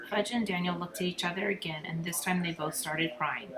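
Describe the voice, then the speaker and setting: A woman reading a children's novel aloud with expressive storytelling. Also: fairly low pitch, moderate pace, hardly any pauses. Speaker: reader. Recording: roomy echo, crowd murmur behind.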